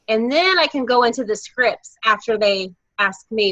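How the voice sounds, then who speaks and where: A woman coaches her team over a video call, her voice bright and a touch high. She talks in a chatty, candid way, telling stories as she goes. The sound is dry and a little dull, as a laptop mic gives it. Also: normal speed, few pauses, no room sound. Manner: chatty, candid, lively storytelling.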